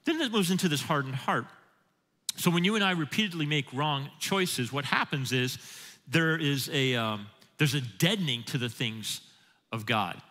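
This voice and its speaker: Male pastor, emphatic sermon delivery, slightly high voice, reverberant sanctuary. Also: animated, moderate pace, sharp tone. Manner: emphatic preaching, quotes scripture, asks the congregation questions. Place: church sanctuary. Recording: church hall with long reverb.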